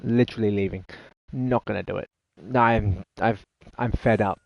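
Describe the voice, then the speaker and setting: A man's voice: on the low side, fairly even intonation, normal speed, vocal fry, a little mellow, dry recording, highs cut off. An Australian man giving rambling, sarcastic live commentary while playing a video game, easily exasperated. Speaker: gaming channel host.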